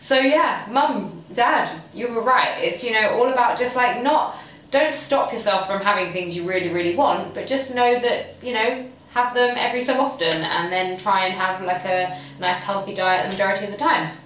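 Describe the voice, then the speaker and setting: A woman's voice: medium pitch, moderate pace, a bit bright. A young woman answering viewer questions in a casual vlog, chatty and gushing, with plenty of "um" and "like". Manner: chatty and gushing, full of "um" and "like" fillers. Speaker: lifestyle and fitness blogger. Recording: very echoey room, voice far from the mic.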